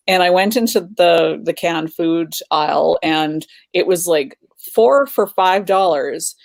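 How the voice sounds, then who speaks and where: An easygoing woman talks as a guest in a casual chat, her voice fairly low. She hesitates often with fillers and laughs as she tells her story. The sound is close and dry. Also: a little slow, creaky, hardly any pauses, dry recording. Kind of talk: casual conversation.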